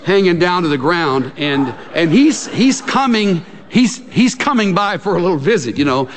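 Lively preacher in a reverberant hall. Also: male voice, high voice, moderate pace. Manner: animated storytelling with laughter and acted-out asides. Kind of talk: sermon. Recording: long reverb from a large hall.

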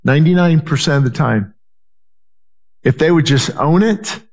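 Earnest, higher-voiced male pastor preaching. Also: normal speed, a little mellow. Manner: earnest, repetitive, restarts phrases, acts out quoted voices. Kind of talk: sermon.

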